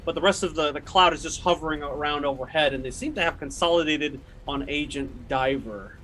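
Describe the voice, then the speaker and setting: A man running a tabletop horror game as game master, talking casually with many pauses and fillers. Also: on the high side, fairly bright tone, a little hiss or hum, poor audio. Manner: casual, halting, lots of fillers.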